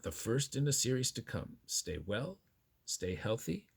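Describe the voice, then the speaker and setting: A man's voice: mid-range voice, sing-song, a little slow, gravelly, husky. Cheeky, flamboyant storytelling man. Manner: cheeky, flamboyant, over-the-top delivery. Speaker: fashion vlogger. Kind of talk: theatrical storytelling monologue.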